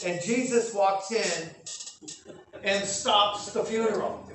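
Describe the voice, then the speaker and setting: Male preacher, high-pitched, animated sermon, booming echo, distant mic. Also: unhurried, slight background noise. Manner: animated, acts out scenes with loud bursts. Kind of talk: sermon teaching from scripture. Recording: echoey room, speaker far from mic.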